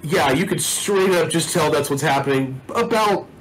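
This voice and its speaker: A man's voice: fairly high pitch, moderate pace, rough recording. A man narrating a tabletop role-playing game as game master, in a casual, rambling way with many fillers.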